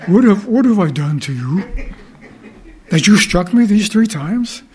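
A reproachful talking she-donkey, voiced by a man in a retold Bible story, her voice pitched up and slow. The pleading tone fits a loyal beast asking why she is beaten. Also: expressive, a little mellow. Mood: plaintive. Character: Balaam's talking female donkey, plaintive and reproachful.

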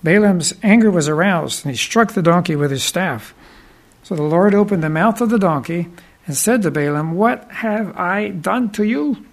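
Man, preacher, sermon, fairly high voice, deliberate, musing asides. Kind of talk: sermon retelling Bible stories.

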